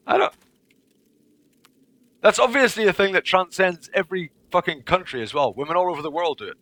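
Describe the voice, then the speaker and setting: A man's voice: sits high, expressive, moderate pace, long pauses, a bit bright. A man livestreaming a game, chatting casually to his viewers in a profane, rambling way. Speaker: livestreaming gamer. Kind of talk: casual chat while playing a game.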